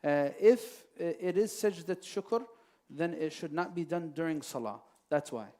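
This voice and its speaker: Man, high voice, mosque Q&A, explanatory, frequent fillers, recites Arabic phrases. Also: warm tone. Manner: explains slowly with many fillers and Arabic quotes. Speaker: imam answering questions. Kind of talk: religious Q&A talk. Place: mosque hall.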